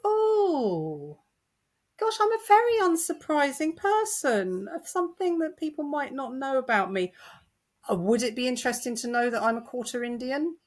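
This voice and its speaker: A middle-aged British woman with a British accent, a novelist guest chatting in an interview, animated and self-deprecating with frequent laughs. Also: high-pitched, moderate pace. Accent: British English. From United Kingdom. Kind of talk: conversational interview.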